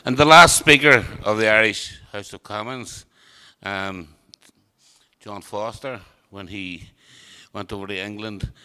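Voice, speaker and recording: Slow, deliberate man with a bright voice. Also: on the low side, smooth. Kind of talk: anecdotal comment at a public talk.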